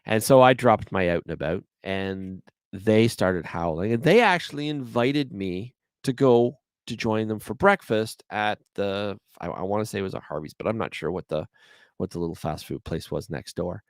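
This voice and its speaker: Rambling Canadian man, low voice. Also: normal speed, dry recording. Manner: chatty, rambling storyteller. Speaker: podcast host. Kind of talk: solo podcast chat.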